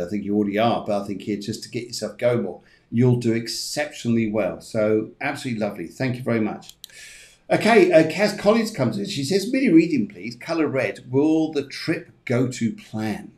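A man hosts a live spiritual reading show, passing on messages in a chatty, reassuring manner. His voice sits at a middle pitch. The room around him is roomy and echoey. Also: darkish tone. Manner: chatty, reassuring, gives readings in quick runs. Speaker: psychic medium host.

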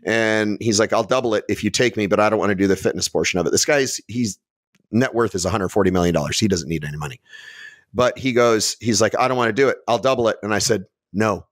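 A man's voice: lowish voice, quick pace, no room sound. Brash, blunt man in a dry room. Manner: blunt, brash, swears freely; acts out quoted people in different voices. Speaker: podcast guest, fitness business owner. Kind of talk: casual podcast interview talk.

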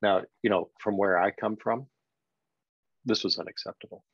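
An older man, a guest on a podcast, telling a personal story in a reflective, halting way with many "you know"s. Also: lowish voice, steady tone, breathy edge, dry recording. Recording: dull, dry lo-fi sound.

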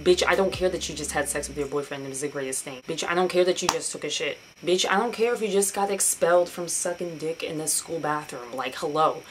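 Brief: young woman vlogger, lowish voice, sarcastic and profane, faint room hum behind. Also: brisk, hardly any pauses. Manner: sarcastic, profane and animated, mocking others in put-on voices. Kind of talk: casual ranting vlog.

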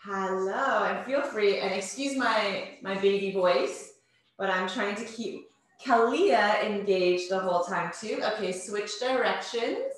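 A woman's voice: medium pitch, lively intonation, unhurried. A woman fitness instructor leading a home workout class, cueing breathing and movement step by step with encouragement. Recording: very echoey room.

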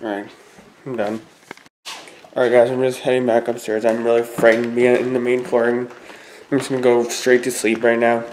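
Young man, hushed frightened voice, repeats himself, phone mic, house at night, faint background hiss. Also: mid-range voice, monotone, moderate pace, pauses often, low-quality recording. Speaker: vlogger. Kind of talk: handheld night vlog. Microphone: phone held in hand.

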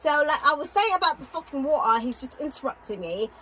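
A woman co-hosting a reaction show from home in casual chat. Her voice is a bit high, she bosses and teases her partner, and a faint room hiss sits under her words. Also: sing-song, fast, bright, forceful tone, poor audio. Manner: bossy, teasing, swears casually. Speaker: co-host of a reaction channel.

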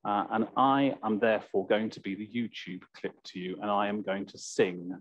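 A man preaching a sermon in church, slow and reflective, with a slightly croaky voice. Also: fairly low pitch, steady tone, no room sound. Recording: dull, lo-fi church recording.

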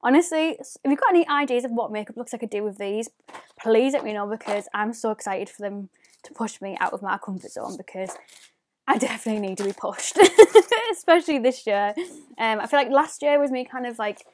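A young woman talks through a casual unboxing, her voice sitting a little high. She rambles freely and scatters "like" through every sentence. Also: brisk, a little hiss or hum. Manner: chatty, rambling, lots of "like" fillers. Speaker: beauty YouTuber.

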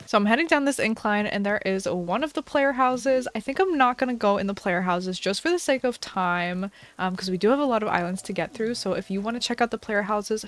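A woman hosting a casual tour of video game islands, gushing and excitable with frequent delighted exclamations. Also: medium pitch, slight background noise. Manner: gushing, excitable, lots of "oh my goodness". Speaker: host touring game islands. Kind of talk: casual gameplay commentary.

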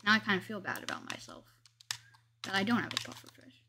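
A woman's voice: medium pitch, wildly swooping pitch, fast talker, gravelly, noisy background. A woman chatting casually as she narrates her gameplay, commenting on every move and joking about herself. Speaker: gameplay video host.

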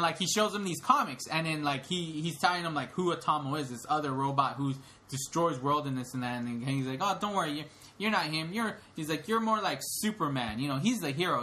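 Rambling young man, bright voice. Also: a little high, slight background noise. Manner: rambling, many "like" fillers and restarts. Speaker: podcast co-host. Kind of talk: casual chat, retelling a movie.

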